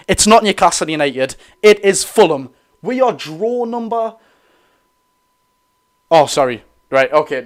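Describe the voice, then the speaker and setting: An eighteen-year-old man with a Geordie accent, chatting excitedly and rambling through a live football watch-along from a room at his dad's house. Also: high voice. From North East England. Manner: excitable, rambling, quick to apologise. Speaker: football fan streamer.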